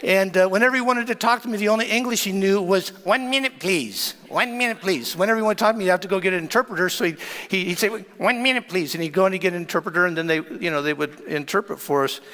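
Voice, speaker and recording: A man preaching and telling a personal testimony in a dramatic, animated way, often stammering and repeating words. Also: high voice, rapid-fire. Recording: long hall reverb.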